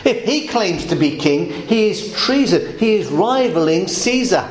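Insistent scheming accusers, urgent warnings, lively voice, echoey room, as a preacher puts them on. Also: male voice, high voice, measured pace. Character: scheming male accusers pressing a charge.

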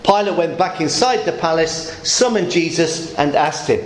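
A man preaching a sermon, explaining scripture step by step with emphatic, animated delivery. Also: fairly high pitch, normal speed, roomy sound, slight background noise, poor audio.

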